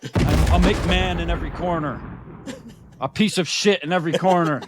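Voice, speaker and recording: A man's voice: on the high side, fairly quick, heavy background noise. A man co-hosting a podcast, telling stories in casual chat, joking and crude. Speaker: podcast co-host.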